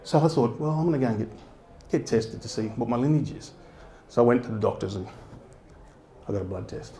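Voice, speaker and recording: An Australian man doing stand-up on a festival stage, speaking into a stage microphone. His voice sits at an ordinary middle pitch. His rambling, story-driven delivery is broken by chuckles at his own lines, and the room carries a noticeable reverberation. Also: expressive, a little fast, mellow. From Darwin, Northern Territory. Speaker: stand-up comedian. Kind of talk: live stand-up set. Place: stage at a fringe festival venue. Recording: roomy live venue sound.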